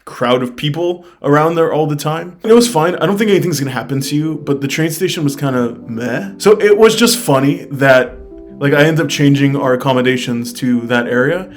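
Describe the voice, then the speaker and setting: A man's voice: fairly high pitch, fairly quick, soft background music. A young man from the United States chatting casually in a travel vlog, candid and upbeat, full of fillers. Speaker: travel vlogger.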